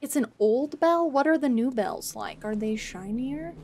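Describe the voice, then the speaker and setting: A woman streaming a video game, chatting casually with her chat, swearing and swinging between loud yelps and quiet mumbles. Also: sits high, animated, measured pace, background noise. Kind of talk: casual gaming commentary.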